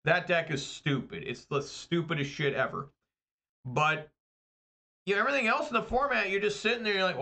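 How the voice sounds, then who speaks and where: A man's voice: high voice, moderate pace, creaky, bright, forceful tone. A man, a streamer and family man, venting to his viewers in a casual rant, exasperated and swearing freely as he runs himself down. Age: adult with wife and kids. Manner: exasperated, profane, self-deprecating venting. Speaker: streamer and channel host.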